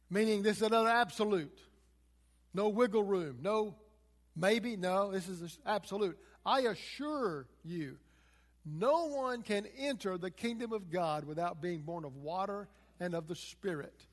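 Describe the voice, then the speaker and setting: A man's voice: high voice, unhurried, in a large hall. A man preaching a sermon, walking through scripture verse by verse and retelling it in plain, everyday words.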